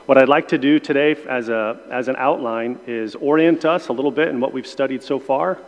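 A man leading a church Bible class in a conversational way, with many pauses and restarts. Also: mid-range voice. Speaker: Sunday school teacher. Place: church room. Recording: long hall reverb.

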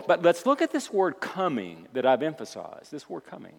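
Man, pastor preaching, lively rising and falling voice, repeats phrases for emphasis, long hall reverb. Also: on the high side, moderate pace, vocal fry, hardly any pauses. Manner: swings from soft reflective asides to loud emphatic declarations. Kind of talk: sermon.

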